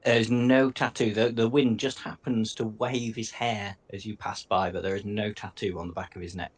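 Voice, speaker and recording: A man's voice: lowish voice, level tone, moderate pace, slight background noise. A man narrating a tabletop game as game master, casual and easygoing.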